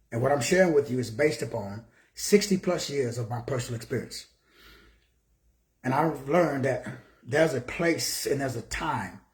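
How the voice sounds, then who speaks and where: An older man from Texas delivers a motivational talk in his office, asking rhetorical question after rhetorical question and calling out viewers by name. His voice sits fairly high for a man. The room is echoey around him. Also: darkish tone. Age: 60s. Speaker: motivational speaker.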